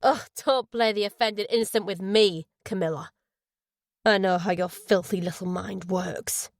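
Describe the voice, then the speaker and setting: A woman's voice: mid-range voice, a little slow, no echo, studio quality, lightly acted. A woman voicing a sarcastic, cruel drunk man in a storybook reading. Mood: sneering. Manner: sneering, sarcastic.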